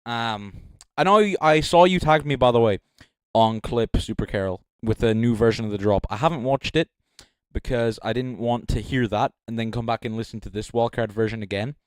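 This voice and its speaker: A man's voice: mid-range voice, moderate pace, clean tone, no echo. A young man giving casual, rambling live-stream commentary as a judge, joking between thoughts and speaking into a handheld mic. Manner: rambling, joking, filler-heavy. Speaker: livestream judge.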